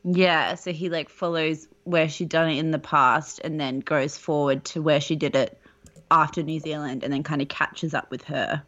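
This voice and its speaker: A woman's voice: low voice, steady tone, moderate pace, fairly bright tone, muffled recording. A young woman co-hosting a podcast, chatting casually with a blunt manner and casual swearing. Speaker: podcast co-host. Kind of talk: casual chat.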